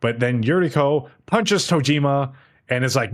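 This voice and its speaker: A man's voice: medium pitch, moderate pace. A young man co-hosting a casual podcast who recaps an anime episode at length and briefly acts out the characters' lines. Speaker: podcast co-host.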